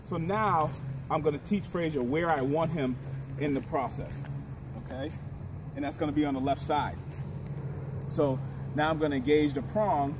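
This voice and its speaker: A man's voice: a little high, moderate pace, pauses often. A man working as a dog trainer, explaining leash training to the camera and praising the dog as he walks it outdoors. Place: outdoors on a street. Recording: distant outdoor mic with street noise.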